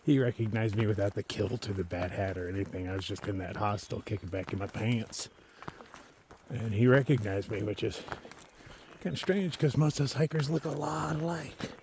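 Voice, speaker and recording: A man's voice: lowish voice, normal speed, background noise. A man filming himself on a long-distance hike, chatting casually and telling wry, joking stories as he walks a mountain trail. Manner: joking, laid-back, wry storytelling. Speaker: long-distance hiker filming his trek. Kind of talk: casual vlog commentary.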